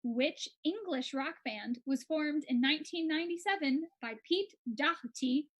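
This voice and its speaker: A woman's voice: high-pitched, expressive, normal speed, poor audio. An American woman co-hosting an online quiz with an upbeat, enthusiastic manner. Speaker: quiz co-host.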